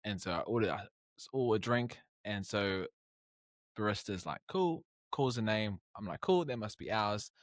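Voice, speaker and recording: A man's voice: on the low side, moderate pace, dry recording, clean studio sound. A young man with a New Zealand accent, chatting casually on a podcast and acting out the people in his stories. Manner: animated, acts out dialogue in stories. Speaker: podcast guest. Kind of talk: casual storytelling chat.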